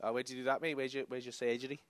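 A man's voice: mid-range voice, flat delivery, rapid-fire, smooth. A young man with a Liverpool accent doing stand-up crowd work on a comedy club stage, teasing audience members with brash, sweary banter into a handheld mic.

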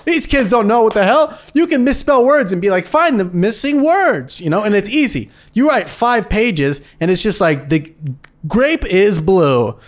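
A man co-hosting a casual podcast, joking and profane, often jumping up in pitch for impressions. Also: lively intonation, moderate pace, few pauses. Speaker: podcast co-host. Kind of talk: casual chat.

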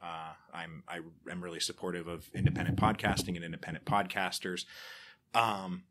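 A man's voice: deep voice, little pitch movement, normal speed, heavy background noise. A man guesting on an interview show, chatting casually and telling stories in a wry, rambling way. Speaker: podcaster guest.

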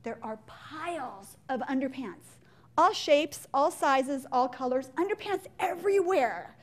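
A woman giving a live business talk to an audience in an animated, joking way, firing questions at the listeners. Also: high-pitched, a little slow. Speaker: leadership speaker.

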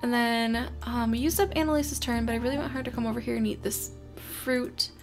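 A woman's voice: fairly high pitch, steady tone, fairly quick. A young woman casually narrating her game, chatting to her creatures and easily flustered. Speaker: gaming channel host. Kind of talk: casual let's-play commentary. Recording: soft music behind.

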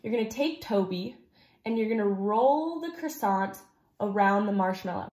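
A woman's voice: medium pitch, moderate pace, darkish tone. A young woman hosting a playful cooking demonstration for children, bubbly and jokey, talking straight to the kids at home. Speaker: children's ministry cooking host.

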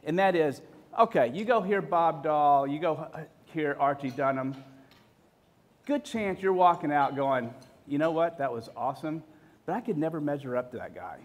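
A man's voice: on the high side, expressive, moderate pace. A man, telling stories to an audience in a joking, self-deprecating way, full of restarts and acted-out quotes. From Texas. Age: 50s. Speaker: speaker. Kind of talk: storytelling talk to an audience.

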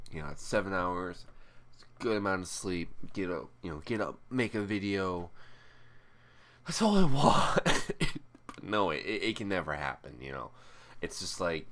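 A man's voice: sits low, fairly bright tone. A tired young man talking casually to his viewers, rambling and self-mocking with sighs and groans. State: tired and drowsy. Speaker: YouTuber. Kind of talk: casual vlog talk to camera.

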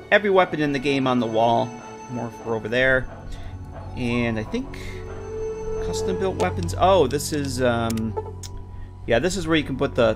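A man casually streaming a game, rambling with lots of fillers and chatting with viewers. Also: medium pitch. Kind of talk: casual live-stream commentary.

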